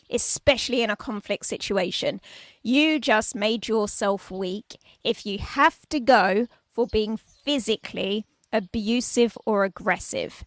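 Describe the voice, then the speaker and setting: A woman's voice: a little high, measured pace, fairly bright tone, dry recording. A woman giving parenting advice in a conversational, emphatic way, holding a microphone outdoors. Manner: emphatic, conversational, demonstrates tones with her voice. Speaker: parenting coach. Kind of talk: informal talk to camera. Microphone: handheld microphone.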